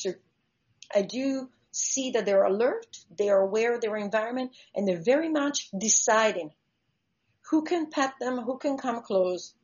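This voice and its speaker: Animated woman telling stories, lo-fi sound. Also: mid-range voice. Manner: animated, explains with vivid acted-out examples. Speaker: shark diver and conservationist, guest. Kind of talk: conversational interview storytelling. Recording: slightly dull lo-fi recording.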